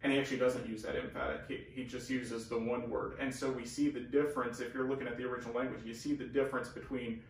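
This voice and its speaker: A man's voice: medium pitch, little pitch movement, fast talker, few pauses. A man co-hosting a conversational Bible teaching, speaking earnestly and emphatically with restarts, recorded on a camera mic from far off. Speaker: co-host of a Bible teaching talk. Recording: echoey room from far off with faint hiss.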